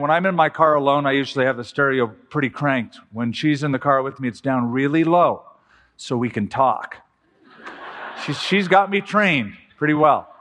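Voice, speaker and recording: A middle-aged man preaching a sermon as a pastor, telling stories with slow, emphatic pauses. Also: a little high, fairly bright tone. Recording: long hall reverb with faint music.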